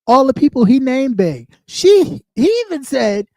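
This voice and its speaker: Guy ranting on his stream, mocking and cussing nonstop, mellow tone, dry close sound. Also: very high-pitched, very animated, unhurried, hardly any pauses, dry recording. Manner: mocking, heated, swears constantly. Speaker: livestream host. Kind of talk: profane livestream rant.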